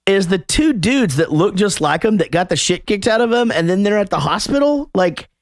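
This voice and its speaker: A man's voice: high voice, lively intonation, moderate pace, no echo. A man hosting a movie podcast, chatting casually and animatedly with frequent swearing and laughter. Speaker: podcast host. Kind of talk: casual chat.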